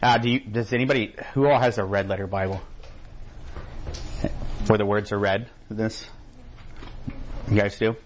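A man teaching an informal Bible study. He reads scripture aloud slowly and deliberately, then talks loosely with his class in a church classroom. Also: lowish voice, steady tone, slight background noise. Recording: dull lo-fi recording.

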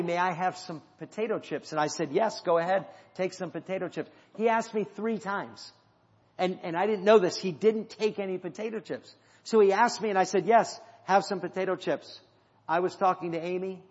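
A man's voice: sits high, moderate pace. Man preaching in a reverberant church. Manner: storytelling with swings from loud to hushed. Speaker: missionary preacher. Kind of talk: sermon. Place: church sanctuary. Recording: dull audio in a hall with long reverb.

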